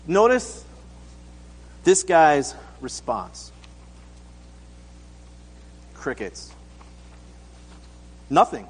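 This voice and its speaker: High-voiced man preaching in a reverberant hall. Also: lively intonation, normal speed, fairly bright tone. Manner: casual, acts out quotes, asks the congregation questions. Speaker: pastor. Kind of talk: conversational sermon.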